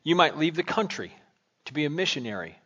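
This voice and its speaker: A man's voice: on the high side, big pitch swings, brisk, pushed and bright, lo-fi sound. A male pastor preaching a sermon, telling a story and asking searching questions in an earnest way.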